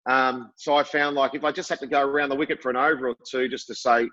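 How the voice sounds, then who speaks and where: A middle-aged man as a podcast guest, telling lively stories and acting out what people said. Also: medium pitch, fast talker, highs cut off. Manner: lively storyteller, acts out quotes. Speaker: guest, former cricketer. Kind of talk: casual interview chat.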